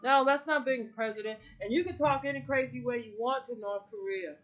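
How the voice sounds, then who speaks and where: A woman's voice: fairly high pitch, brisk. A middle-aged woman in a heated, profane, rambling rant to camera. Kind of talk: casual political rant to camera. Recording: muffled lo-fi recording.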